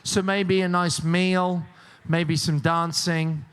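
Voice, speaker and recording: A man's voice: high voice, level tone, slow, a bit bright, clean tone. A man hosting a cruise ship game show, joking and teasing the contestants in upbeat patter.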